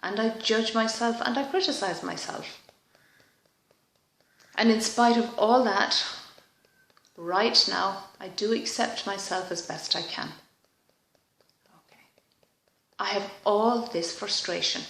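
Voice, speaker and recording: A woman leading a guided EFT tapping session in a slow, soft, reflective manner, pausing for frequent sighs. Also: medium pitch, creaky, echoey room.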